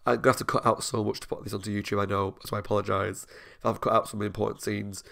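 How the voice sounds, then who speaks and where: A man with a gravelly, creaky edge to his voice, chatting through an episode review. He talks in an easy, openly emotional way and laughs at himself as he goes. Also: on the low side, flat delivery, fast talker, a bit bright. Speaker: reaction video host. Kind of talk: casual spoken episode review.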